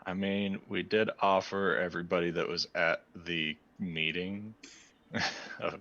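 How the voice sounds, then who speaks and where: A man playing at a tabletop game table, low-key and self-deprecating, chuckling between his phrases. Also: steady tone, a little slow, bright, forceful tone, highs cut off. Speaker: player. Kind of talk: casual chat at a game table.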